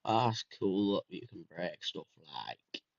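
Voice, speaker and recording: A young man giving casual, excitable gameplay commentary, swearing and trash-talking while racing. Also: deep voice, a little slow, vocal fry, no room sound, dull audio. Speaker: gaming video creator.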